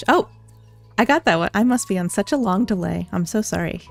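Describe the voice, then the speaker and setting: Speaking a little fast with vocal fry, this young woman VTuber has a lively, mid-range voice over soft background music. She giggles through casual answers to viewer questions on her livestream, bubbly and self-deprecating, using a studio condenser mic.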